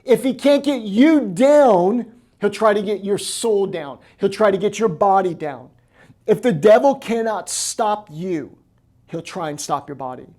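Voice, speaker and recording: An American man in the role of pastor, preaching a lively sermon and acting out quoted voices. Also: sits high, a little slow.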